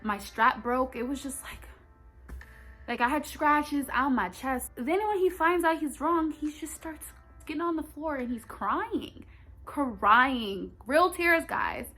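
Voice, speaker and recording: A woman's voice: high-pitched, slow, bright, forceful tone, faint music behind. A young woman telling a personal story in a storytime vlog, talking straight to her viewers with emphasis. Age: young adult.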